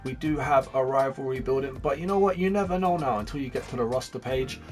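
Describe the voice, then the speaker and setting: A man's voice: mid-range voice, soft background music. A young man hosting a gaming channel, talking through his game in a chatty, upbeat way. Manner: chatty and upbeat, jumping between fast and slow. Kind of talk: casual gameplay commentary.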